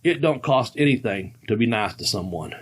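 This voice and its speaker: A man's voice: mid-range voice, animated, normal speed, pitched below the performer's own voice, lightly acted. A man in his sixties quoting a kind, easygoing male wrestler in a near-everyday voice. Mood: kindly.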